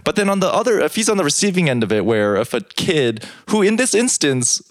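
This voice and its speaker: A man's voice: fairly high pitch, very animated, dry recording, studio quality. A man in casual chat as co-host, listening supportively and chiming in with short replies. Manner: supportive listener, quick back-channel replies.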